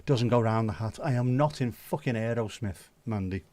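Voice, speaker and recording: A man's voice: medium pitch, moderate pace, a little mellow, dry recording. Jokey, sweary man hosting. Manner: jokey, sweary and self-mocking. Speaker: livestream host. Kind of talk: casual chat reading viewer comments.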